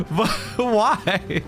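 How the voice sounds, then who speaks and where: A man's voice: high-pitched, expressive, very slow, fairly bright tone, faint music behind. A young man streaming a game, chatting casually, joking and reacting to his chat.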